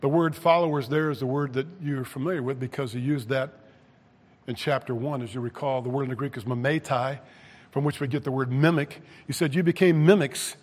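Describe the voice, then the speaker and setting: A man's voice: medium pitch, steady tone, brisk, in a large hall. A man preaching a sermon, reading scripture and rising to emphatic peaks. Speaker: pastor.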